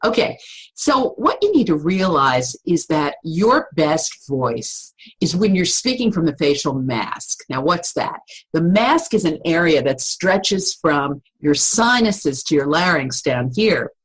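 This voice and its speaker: A middle-aged woman voice coach explaining vocal tips in a podcast interview, with an animated, instructive storytelling manner. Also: sits low, slow, husky, rough recording.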